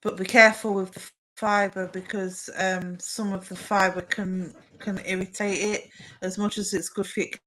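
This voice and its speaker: A young woman hosts a relaxed live stream in a medium-pitched voice that barely moves in pitch, talking at normal speed over poor audio. She gives psychic readings and answers viewers warmly, filling gaps with fillers.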